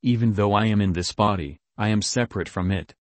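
A man voicing a serene elderly male saint who speaks calmly and gently in a storytelling reading. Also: on the low side, no room sound, lightly acted. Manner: calm, gentle, unhurried speech.

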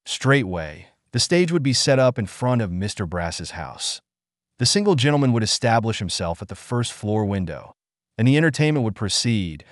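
A man narrating a classic novel in a measured, even storytelling manner. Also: on the low side, no echo, studio quality. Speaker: audiobook narrator.

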